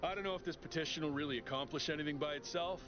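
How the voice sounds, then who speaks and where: A man's voice: a little high, racing, natural voice. A man voicing an earnest young male android activist in a video game, with a laid-back, surfer-like way of talking as he gathers petition signatures. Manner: earnest, persuasive. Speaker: petition-gathering transit worker. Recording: dull audio under game music.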